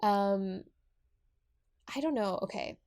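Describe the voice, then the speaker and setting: A woman's voice: medium pitch, slow pace, darkish tone, clear, resonant tone. A woman in her twenties co-hosting a podcast, talking casually with lots of fillers and restarts. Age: 20s. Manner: chatty, many fillers and restarts. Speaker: podcast co-host. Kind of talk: casual chat.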